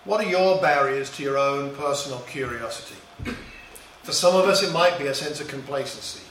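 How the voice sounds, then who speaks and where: A man's voice: medium pitch, brisk, fairly bright tone, distant mic, a little hiss or hum. A middle-aged man giving a reflective personal talk, telling a story from his boyhood in a musing, storytelling way. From England. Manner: storytelling, musing, with small restarts. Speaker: speaker. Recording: roomy echo, voice a bit off-mic.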